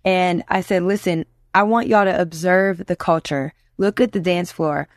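A woman from Louisiana in her thirties, a musician guest in an interview, telling stories in a lively way and acting out the voices she quotes. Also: on the low side, moderate pace, dry recording, clean studio sound. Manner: animated storyteller, acts out quoted voices. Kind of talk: casual interview chat.

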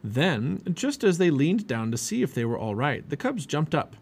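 A man reading a children's chapter book aloud as a parent, animated and expressive. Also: fairly high pitch, normal speed, vocal fry, husky. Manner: animated, expressive reading with many character voices. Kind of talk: storybook read-aloud.

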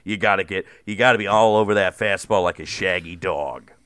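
A man's voice: low voice, fairly quick, fairly bright tone, smooth, no echo, pitched below the performer's own voice. A man putting on a brash, self-important male baseball manager who boasts and bosses people around. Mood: bossy lecture. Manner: boastful, bossy coaching talk. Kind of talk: celebrity impression on a podcast.

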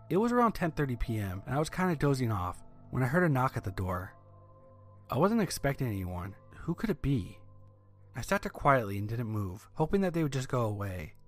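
A man narrating true scary stories in a steady, scripted storytelling read. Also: mid-range voice. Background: soft background music.

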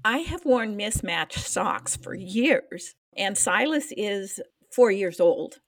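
A woman's voice: medium pitch, lively intonation, slow pace, dry recording. An older woman, a podcast co-host, telling an emotional personal story in casual chat, trying to hold back tears.

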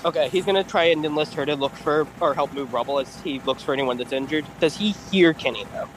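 Player guy, bit high voice, asks stuff fast, noisy track. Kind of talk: casual tabletop play.

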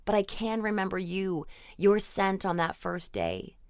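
A woman's voice: medium pitch, big pitch swings, measured pace, a little mellow, clear, resonant tone. A woman reading as a devoted, pleading older lover. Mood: reminiscing. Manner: pleading, then tender and reminiscing. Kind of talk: audiobook character reading.

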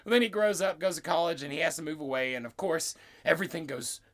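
A man's voice: on the high side, lively intonation, fast, a bit bright. A man co-hosting a podcast, rambling through a movie recap with frequent swearing and laughter. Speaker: podcast co-host. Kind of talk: casual profane banter and movie recap.

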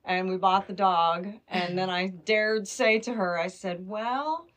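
A woman's voice: fairly low pitch, unhurried. A woman guest, a dog trainer, telling stories animatedly and acting out quoted lines. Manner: animated storyteller, acts out quotes. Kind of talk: storytelling interview.

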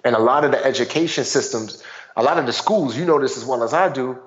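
Man, podcast guest, animated storyteller, heavy fillers, roomy muffled sound. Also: medium pitch, fast talker. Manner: animated, frequent "you know" fillers. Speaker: guest, author. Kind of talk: casual storytelling conversation.

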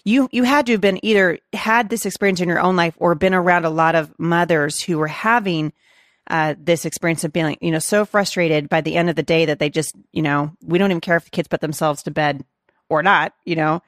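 A woman's voice: on the low side, fairly even intonation, fairly quick, dry recording, studio quality. A woman hosting an interview, asking long rambling questions full of fillers. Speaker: interview host. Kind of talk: conversational interview.

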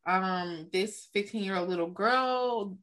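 A young woman with a North Carolina accent co-hosting a podcast, talking in an animated, opinionated way and laughing easily. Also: medium pitch, slow pace. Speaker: podcast co-host. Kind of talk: casual chat.

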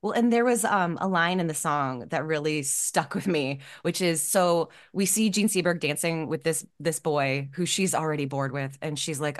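A woman co-hosting a casual film talk, animated and breaking into laughs between thoughts. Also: low voice, normal speed, hardly any pauses. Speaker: podcast co-host.

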